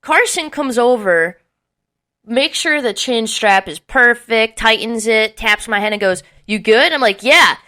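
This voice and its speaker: A woman's voice: on the high side, measured pace. A young woman co-hosting a podcast, telling a long party story in casual chat, swearing freely and acting out what people said. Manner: animated storyteller, swears freely, acts out quotes. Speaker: podcast co-host.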